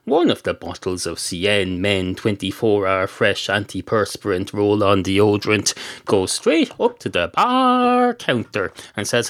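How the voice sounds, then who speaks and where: A man hosting a podcast, telling an absurd story in a dry, deadpan narration. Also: on the low side, normal speed, no room sound. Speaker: podcast host.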